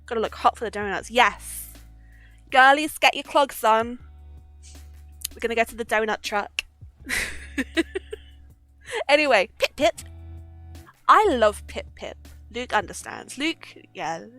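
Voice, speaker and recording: A woman's voice: fairly high pitch, lively intonation, unhurried, pauses often, pushed and bright, dry recording. A young woman streaming live, chatting casually and giggling often between sweary asides. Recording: faint background music.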